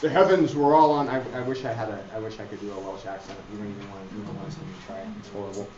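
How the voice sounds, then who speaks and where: A man's voice: fairly low pitch, level tone, very fast. Man, teacher, rambling lecture, fillers and restarts, echoey classroom, dull sound. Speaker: literature teacher. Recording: roomy, dull classroom recording.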